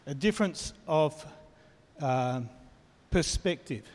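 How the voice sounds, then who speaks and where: A man's voice: on the high side, expressive, slow, big-room sound. A man preaching a sermon as pastor, talking conversationally and asking the congregation questions.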